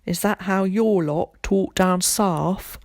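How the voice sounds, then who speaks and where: A woman's voice: on the low side, lively intonation, measured pace, a little mellow, no echo. A woman reading aloud puts on a cheeky young boy in a storybook, teasing and upbeat, with a lifted voice. The sound is close and dry. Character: cheeky northern boy cousin, upbeat joker.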